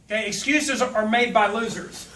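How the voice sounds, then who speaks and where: A man from South Louisiana speaks at normal speed in a high, sharp voice with fairly even intonation. Giving a humorous, folksy motivational speech with stories, he imitates voices for quotations, heard from far off in an echoing hall.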